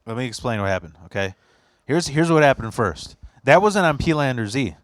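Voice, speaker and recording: A man hosts a loose podcast chat, spinning a long story with bursts of laughter and plenty of swearing. His voice sits at an ordinary middle pitch, and the sound is dry and close, with no room around it. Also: animated, moderate pace, no room sound. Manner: laughing storyteller, profane and teasing. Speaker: podcast host. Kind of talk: casual chat. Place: basement.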